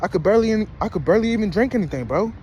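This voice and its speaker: A man's voice: high-pitched, lively intonation, very fast, darkish tone, slight background noise. Rambling young man ranting outdoors. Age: 20s. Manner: rambling, slangy, incredulous. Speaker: vlogger. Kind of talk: casual commentary rant. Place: outdoors at a rest stop.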